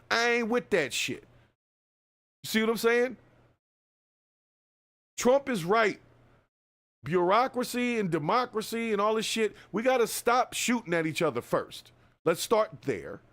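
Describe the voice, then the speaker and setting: A man hosting a podcast, giving a profane, animated political rant straight to his listeners. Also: high-pitched, a little slow, pauses often. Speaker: podcast host. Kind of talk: casual political commentary rant.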